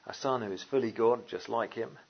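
Husky preacher giving a sermon. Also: male voice, medium pitch, a little fast, lo-fi sound. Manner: animated, jokey asides, frequent "uh" and "you know".

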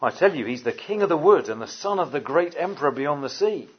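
A man reading aloud as an insistent male beaver from a storybook, with a husky voice. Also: on the high side, lively intonation, brisk, dull audio.

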